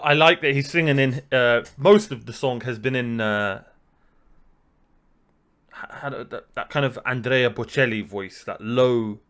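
A man's voice: medium pitch, fairly bright tone. A man from the UK thinking aloud as he reacts to music, restarting and searching for words. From United Kingdom. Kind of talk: casual reaction commentary.

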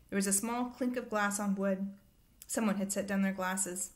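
A woman reads a novel aloud at a steady pace. Her narration is plain and even, in a clear storytelling voice. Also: mid-range voice, normal speed. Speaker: reader.

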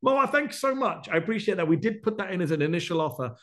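A man hosts a town hall, fielding members' questions off the cuff with brisk, animated energy. He runs through his points as a list and drops in quick asides, speaking in a high-pitched voice.

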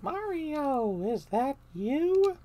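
A woman's voice: high-pitched, very animated, dark tone, soft background music, voice pushed up, full character voice. A woman doing an eerie possessed princess. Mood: sweet. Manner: slow, drawn-out, solemn questioning.

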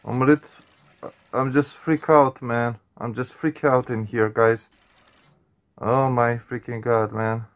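A man's voice: medium pitch, fairly even intonation, a little slow, muffled recording. A man doing reaction commentary on a horror game, jumpy and on edge, swearing often and addressing viewers as man and guys. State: nervous, on edge. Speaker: gaming channel host.

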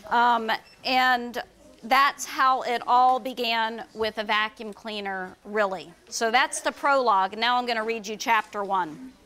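Brief: woman author, high voice, reads her kids' book aloud at a bookstore, lively and chatty. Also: a little slow. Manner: lively, storytelling with fillers. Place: bookstore event.

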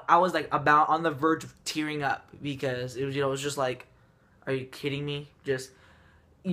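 Bright-voiced young man rambling in a vlog. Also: fairly high pitch. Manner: rambling, many restarts and fillers. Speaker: anime vlogger. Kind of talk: casual vlog talk.

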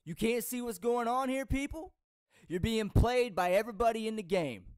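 Heated high-voiced man ranting. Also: animated, normal speed, smooth, no room sound, clean studio sound. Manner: frustrated, heated, lecturing. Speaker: vlogger. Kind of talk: ranting video commentary.

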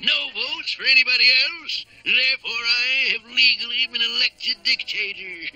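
A man's voice: very high-pitched, a little slow, sharp tone, faint music behind, exaggerated voice, rough recording. An actor playing a scheming, gleeful male mad-scientist villain in a 1960s cartoon, sneering and bossy. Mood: gloating.

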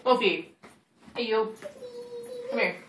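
A woman's voice: fairly high pitch, wildly swooping pitch, takes it slowly. Playful young woman coaxing a dog. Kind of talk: casual chat while filming a pet. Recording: roomy, distant, noisy home recording.

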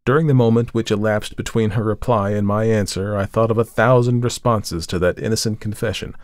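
A man with a low, deep voice reads a story aloud in a measured, dramatic way. The sound is dry and close, with no room echo at all. It has the steady feel of a careful audiobook narration.

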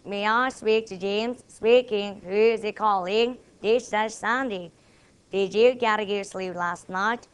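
A woman's voice: mid-range voice, clear, resonant tone. A woman with a Korean accent, reciting memorized English dialogues and speaking both parts of each exchange. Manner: plays both sides of each dialogue, deliberate and careful. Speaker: student presenter.

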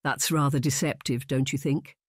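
A narrator voicing a gentle, hesitant older vicar in a period audiobook. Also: mid-range voice, flat delivery, normal speed, dry recording, clean studio sound, lightly acted. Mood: dismayed. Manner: hesitant, mild, mournful. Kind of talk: audiobook character voice.

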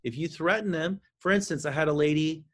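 Animated man, fairly high voice. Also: fairly quick. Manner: animated, acts out parent and child lines, frequent restarts. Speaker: counselor and author. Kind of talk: interview guest explaining parenting advice.

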